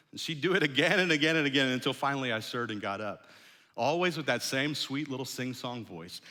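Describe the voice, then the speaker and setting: A man, a pastor, preaching a sermon in a conversational storytelling way that often drops soft and low. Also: expressive, brisk. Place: large church hall. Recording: long hall reverb.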